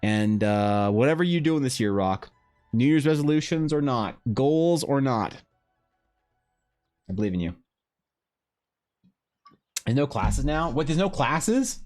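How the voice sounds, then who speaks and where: Male streamer, drawing live, casual rambling profane banter, soft music behind him. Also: mid-range voice, sing-song, measured pace, pauses often. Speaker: livestreaming artist.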